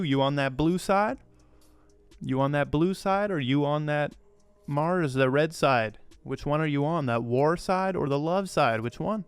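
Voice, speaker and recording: This man runs a crypto channel and rambles casually to camera, emphatic, blunt, repetitive and freely profane. His voice is on the high side and a little slow, clean-toned on a dry recording, with faint background music.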